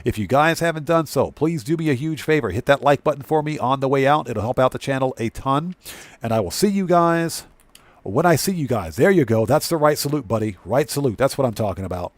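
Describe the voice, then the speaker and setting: A man hosts a casual gaming live stream, chatting with viewers, thanking them at length and laughing easily as he signs off. His mid-range voice is animated and brisk, with no echo.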